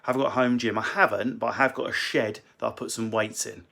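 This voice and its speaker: A man's voice: on the low side, fairly even intonation, fast talker, gravelly, pushed and bright. A man who is a comedian, casually answering viewer questions from a room at home with cheeky, crude banter. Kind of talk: casual live Q&A.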